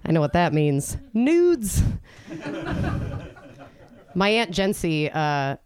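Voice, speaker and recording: A woman in her thirties performing a stand-up comedy set on a club stage, brash and animated, jumping into high exasperated outbursts. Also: drawn-out words. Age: 30s. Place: comedy club stage before a live audience.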